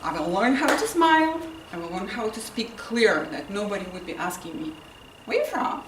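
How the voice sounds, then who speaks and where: Lively woman telling a funny story. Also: medium pitch, a little fast. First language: not English. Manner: lively storytelling, acting out her own and others' lines. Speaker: contest speaker. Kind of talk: humorous speech. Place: indoor meeting room with audience. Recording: roomy, distant, with noise and audience laughter.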